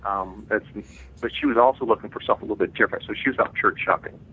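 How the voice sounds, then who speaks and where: A man, the guest author, earnestly telling a personal testimony in an interview, pausing and restarting as he goes. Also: on the low side, husky. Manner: earnest, reflective storytelling with frequent restarts. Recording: phone-like line.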